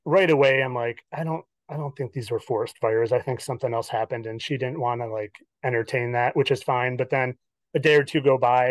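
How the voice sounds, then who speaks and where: A man's voice: mid-range voice, no room sound. Chatty storytelling man, dry close sound. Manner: animated, acts out quoted dialogue, many "like" fillers. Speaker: podcast guest. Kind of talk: casual storytelling chat.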